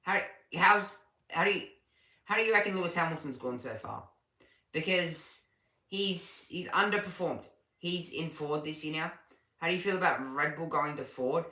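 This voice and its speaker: A man giving casual live commentary on a race session, chatty and halting, often restarting sentences as he reads viewer questions. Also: a little high, pushed and bright, echoey room. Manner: chatty and halting, with frequent restarts while reading chat.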